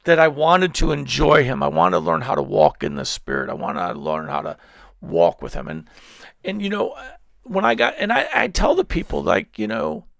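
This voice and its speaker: A man's voice: a little high, wildly swooping pitch, normal speed, vocal fry, fairly bright tone, no room sound, studio quality. A male pastor preaching a sermon at a church service, telling stories in a rambling way with many restarts.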